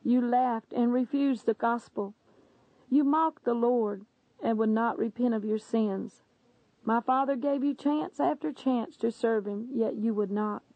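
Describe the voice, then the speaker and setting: A woman's voice: on the high side, unhurried, no echo. A woman reading a religious testimony aloud in an earnest, solemn, dramatic way. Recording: dull lo-fi dry recording.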